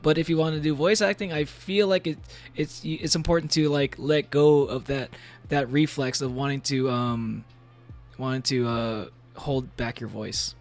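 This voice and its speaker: A man's voice: medium pitch, normal speed. Male streamer, mid-range voice, casual rambling chat with frequent laughs, faint music under it. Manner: rambling, animated, laughs often between thoughts. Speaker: VTuber streamer. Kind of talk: casual live-stream chat while gaming. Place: at home.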